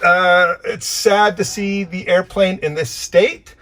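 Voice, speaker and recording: A man talking earnestly to camera as the owner and pilot of a plane under maintenance, animated and full of restarts. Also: high-pitched, slow pace. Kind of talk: casual walkthrough vlog.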